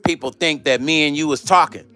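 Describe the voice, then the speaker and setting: A middle-aged man hosting a casual live stream, telling gossipy stories in an animated way, swearing and reading out chat comments. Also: a little high, fairly quick, faint music behind. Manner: animated, swearing, acts out quoted voices, talks to chat.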